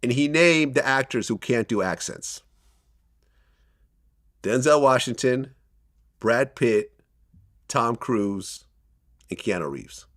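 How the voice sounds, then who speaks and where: A man's voice: medium pitch, lively intonation, slow pace, long pauses, fairly bright tone, dry recording, studio quality. A man from Russia hosting a casual interview, chatty and teasing, laughing often. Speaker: interviewer host.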